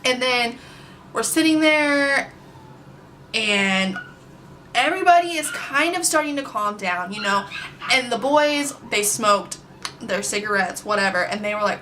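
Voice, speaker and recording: A young adult woman telling a story on her vlog, chatty and animated, with plenty of filler words. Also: fairly high pitch, measured pace, slight background noise. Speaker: vlogger. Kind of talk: casual storytime.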